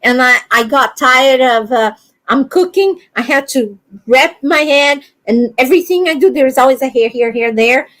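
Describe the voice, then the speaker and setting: A woman with a high voice, chatting casually on a livestream. She tells lively stories, acts out bits of dialogue and laughs often. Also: moderate pace. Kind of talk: casual chat.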